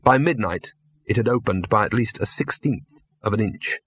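Husky-voiced male storyteller. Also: lowish voice, moderate pace, a bit bright, no echo. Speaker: audiobook narrator. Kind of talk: scripted narration of a comic fantasy novel.

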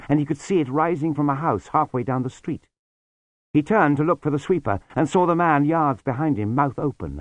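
A man narrating a story in a measured, expressive reading. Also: mid-range voice, no room sound, muffled recording. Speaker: audiobook narrator. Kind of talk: scripted narration.

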